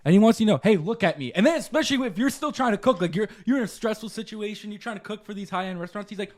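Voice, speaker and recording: A young man co-hosting a podcast, telling stories in an animated way, swearing and laughing often. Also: high voice, fairly quick. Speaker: podcast co-host. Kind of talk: casual chat.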